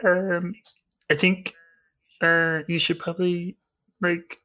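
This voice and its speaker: A woman's voice: on the low side, flat delivery, slow pace, bright, forceful tone. A woman playing a nervous, apologetic TV producer who stammers constantly in an improvised comedy scene.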